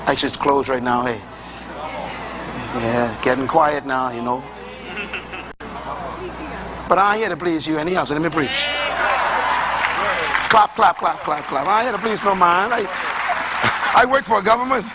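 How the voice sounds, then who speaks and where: A man's voice: fairly high pitch, animated, normal speed, pauses often, over a noisy crowd, very noisy. A man preaching a sermon to a congregation, emphatic and rhythmic in his delivery and loose and colloquial in his phrasing.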